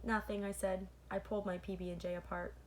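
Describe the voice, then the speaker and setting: A woman's voice: medium pitch, level tone, brisk. A woman reads a children's novel aloud in a mid-range voice. She fixes her own slips as she goes and breaks off now and then to talk to her listeners directly. A faint hiss sits under the recording. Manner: stops to comment to listeners between passages. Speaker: read-aloud host.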